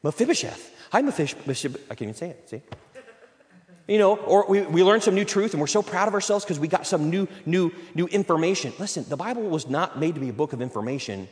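A man's voice: fairly high pitch, lively intonation, fast, darkish tone, long reverb tail. A man preaching a conversational sermon, acting out little everyday dialogues as he goes. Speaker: pastor.

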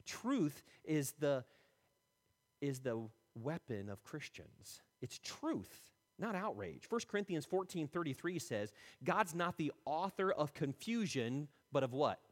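A man preaching a sermon as a pastor, animated, acting out quotes and chuckling between points. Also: slow pace. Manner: animated, acts out quotes with shifting pitch and loudness. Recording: long hall reverb.

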